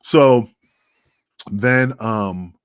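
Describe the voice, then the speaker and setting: A man's voice: fairly low pitch, extremely slow, clean tone, no echo, clean studio sound. A middle-aged man, a wrestling guest, telling a story in casual chat, acting out quotes and swearing freely.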